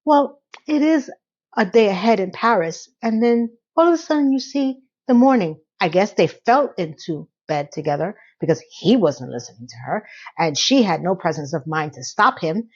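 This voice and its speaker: A woman's voice: on the low side, big pitch swings, normal speed, a little mellow, breathy edge, lo-fi sound. A woman giving a casual, sassy TV recap, talking straight to the viewer in a chatty way. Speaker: recap vlogger.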